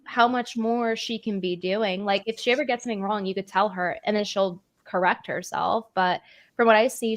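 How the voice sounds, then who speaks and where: A woman speaking on a casual podcast panel, earnest and rambling, making emphatic points. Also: mid-range voice.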